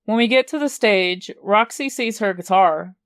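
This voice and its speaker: A woman narrating a teen romance story in the first person with a calm, measured reading. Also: mid-range voice, no room sound, studio quality. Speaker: audiobook reader.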